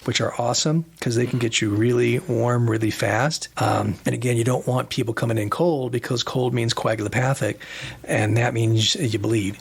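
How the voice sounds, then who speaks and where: A man's voice: mid-range voice, steady tone, moderate pace, vocal fry, breathy edge. A middle-aged man, a surgeon hosting a podcast, telling stories in a rambling casual way with many fillers and restarts. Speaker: plastic surgeon and podcast host. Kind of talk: casual storytelling chat.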